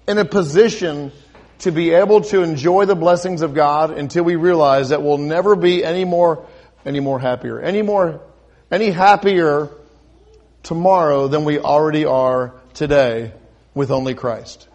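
Preaching at normal speed, this man has a voice on the high side with a darkish tone, and the audio sounds dull. He asks the congregation questions and builds to emphatic crescendos, restarting often and repeating words.

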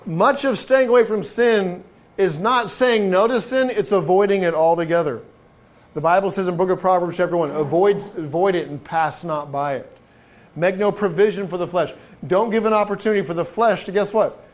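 High-voiced man preaching conversationally. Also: moderate pace. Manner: conversational, asks the listeners rhetorical questions; frequent restarts and repeated words. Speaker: pastor. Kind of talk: sermon.

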